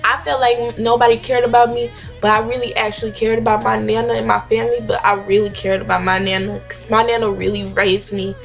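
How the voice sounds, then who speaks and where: A young woman vlogger telling a story in a casual, slangy, animated way, acting out what people said. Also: a little high, fairly quick, vocal fry, hardly any pauses, soft background music. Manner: animated, slangy, acts out quotes. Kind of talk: storytime vlog.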